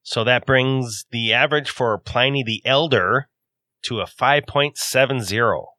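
Co-host, male, animated and joking, bright tone, dry close mic. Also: medium pitch, unhurried, no room sound. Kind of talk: casual chat, beer tasting.

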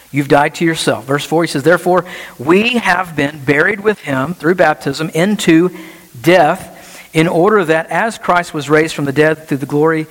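Animated male pastor preaching in a reverberant church. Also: on the high side. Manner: animated preaching with rhetorical questions. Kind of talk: sermon. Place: church sanctuary. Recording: long reverb of a church hall.

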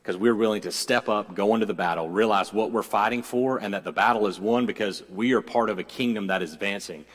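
A man's voice: on the low side, fast talker. A man pastor preaching a sermon, moving from conversational storytelling with jokey asides to fervent, repetitive declarations. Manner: self-deprecating jokey asides. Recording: long reverb of a church hall.

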